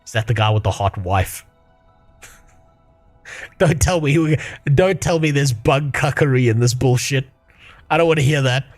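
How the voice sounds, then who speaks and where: A man's voice: mid-range voice, measured pace, pauses often, faint music behind. A man commentating casually on a video game, crude and joking, swearing when he fails. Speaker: streamer.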